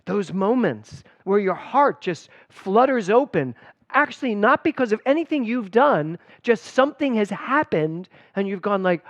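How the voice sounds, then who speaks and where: Animated middle-aged man preaching. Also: sits high, unhurried, dry recording. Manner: animated and personal, storytelling with emphatic swings. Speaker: spiritual director. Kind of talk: conversational sermon. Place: church service.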